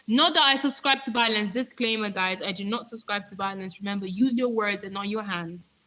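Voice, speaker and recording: A young woman chatting casually on her live stream, rambling playfully and answering viewer comments, her voice going hoarse. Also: mid-range voice, a little fast, pushed and bright, a little hiss or hum, low-quality recording.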